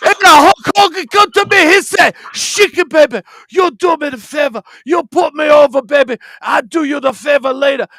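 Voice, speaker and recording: A hollering old wrestling villain spits insults in broken English, voice pushed high and hard, as a man puts him on. The sound is close and dry, with no room around it. He rants without pause. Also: no echo, full character voice. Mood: ranting. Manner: shouting, insult-spitting rant with broken English. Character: ranting old wrestling villain, male, accented, profane. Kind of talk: comedic impression on a podcast.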